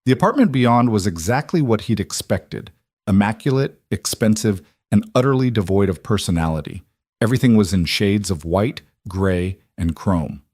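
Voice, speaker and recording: A man reading a scripted story in an even, measured way. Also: lowish voice, no room sound, clean studio sound. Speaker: narrator. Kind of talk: scripted narration.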